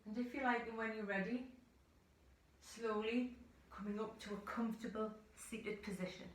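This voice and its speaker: Soft-spoken woman guiding yoga breathing. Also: fairly high pitch, fairly even intonation. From United Kingdom. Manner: slow, soothing cues with audible sighing breaths. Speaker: yoga teacher. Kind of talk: guided yoga instruction. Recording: echoey room, voice from far off the mic.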